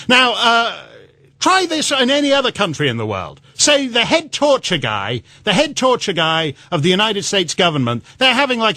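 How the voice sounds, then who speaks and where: Talk radio guy riffing and mocking, high voice that jumps all over, dry close mic. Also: sharp tone, dry recording. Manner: rambling and mocking, breaks into laughter, puts on silly voices for quotes. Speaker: guest radio host. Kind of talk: comedic political commentary on talk radio.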